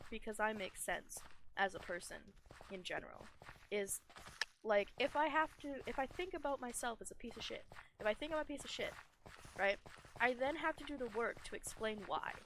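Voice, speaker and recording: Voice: medium pitch, expressive, normal speed, bright, forceful tone, a little hiss or hum. A young adult YouTuber talking through a game in a rambling, self-deprecating casual chat, full of "like" and "you know". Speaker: gaming YouTuber. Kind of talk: casual gaming commentary chat.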